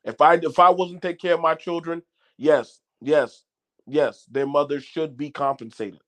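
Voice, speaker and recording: A man's voice: on the high side, steady tone, normal speed, fairly bright tone. A middle-aged man hosting his own channel, talking straight to viewers in a blunt, swearing way, repeating words and restarting his lines. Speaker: channel host. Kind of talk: unscripted commentary to viewers.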